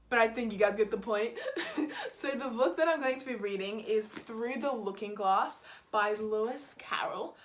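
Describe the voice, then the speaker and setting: A woman chatting casually to camera as a book vlogger, bubbly and often giggling at her own jokes. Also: a little high.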